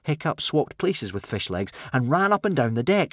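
A man narrating an adventure storybook with animated, dramatic delivery. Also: medium pitch, normal speed, few pauses, dry recording, clean studio sound. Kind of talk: audiobook narration.

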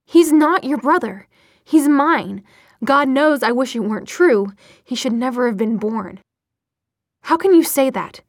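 Sharp urgent young woman, audiobook, woman reading her, higher dry voice. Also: normal speed, no room sound, close to an everyday voice. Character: young woman, fierce and incredulous.

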